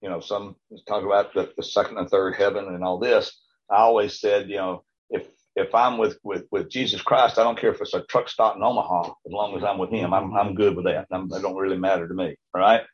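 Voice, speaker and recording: A man leads an informal Bible class in a husky voice, stumbling over repeated words and often checking in with his listeners. The recording sounds dull and lo-fi. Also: low voice, steady tone, brisk. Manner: rambling with frequent stammered restarts and check-ins to the class.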